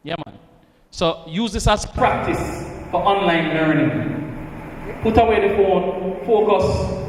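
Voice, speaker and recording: A man's voice: sits high, takes it slowly. A man, organizer giving a chatty, informal welcome to students at an event. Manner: chatty and informal, promises and jokes. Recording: reverberant hall, faint ambient noise.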